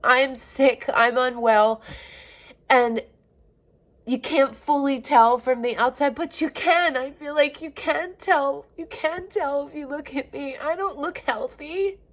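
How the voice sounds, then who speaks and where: A woman in her forties venting in a personal video diary, raw and emotional, swearing often and breaking off mid-sentence. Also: high voice. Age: 40s. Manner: halting, restarts and trailing phrases. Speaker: vlogger.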